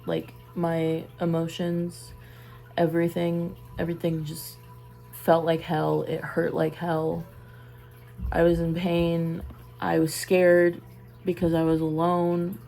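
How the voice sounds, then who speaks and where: A woman's voice: lowish voice, monotone, takes it slowly, creaky, dark tone. A young woman vlogger telling a personal story to camera in a casual, emphatic way, often repeating her phrases.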